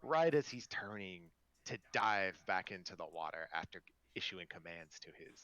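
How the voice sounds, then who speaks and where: A man's voice: deep voice, animated, normal speed, fairly bright tone, dry recording, poor audio. A man running a tabletop game as game master, narrating in a loose, rambling way.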